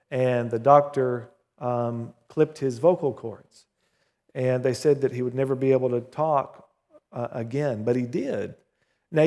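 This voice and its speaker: A pastor from southern Oklahoma, with a mellow mid-range voice, prays and then preaches to his congregation in the church building, telling stories and singing snippets of a hymn. Long hall reverb fills the recording.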